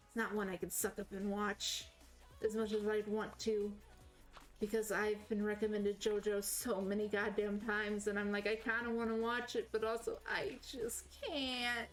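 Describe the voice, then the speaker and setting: A woman game streamer with a slight Southern US accent chats casually while playing, rambling, correcting herself, and staying chatty. Her voice is medium-pitched with a fairly bright tone, and the recording is rough.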